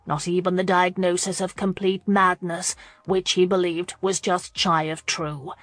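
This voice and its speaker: A woman narrating a historical romance audiobook in a steady, measured way. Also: on the low side, no room sound.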